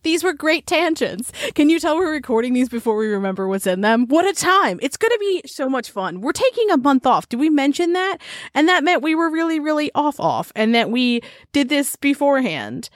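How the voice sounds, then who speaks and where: A woman co-hosting a podcast in casual chat, rambling and animated, talking with her hands at a desk mic. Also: sits high, fairly quick, dry recording, clean studio sound. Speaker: podcast co-host. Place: home recording setup at a desk. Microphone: desk mic on a stand.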